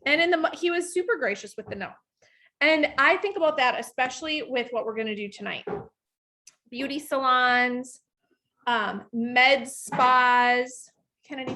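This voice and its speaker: Bright high-voiced chatty woman trainer. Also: a little hiss or hum. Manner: energetic, chatty, many fillers and restarts. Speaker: network marketing trainer. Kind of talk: live online training session.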